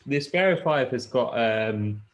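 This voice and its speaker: A man's voice: medium pitch, animated, moderate pace, dull audio. A man hosting a casual podcast chat, rambling with fillers and swearing. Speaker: podcast host. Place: lives in the Peak District.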